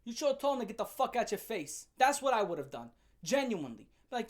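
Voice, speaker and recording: High-voiced woman ranting bluntly. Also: animated. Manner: blunt, fast-shifting, heavy swearing and slang. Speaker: commentary channel host. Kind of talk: profane comedic rant.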